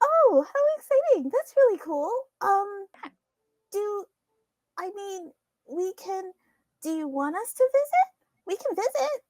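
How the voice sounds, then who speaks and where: A woman playing her character in a tabletop game, talking friendly, quick and a bit apologetic. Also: very high voice, very animated, a little mellow, dry recording. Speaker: player.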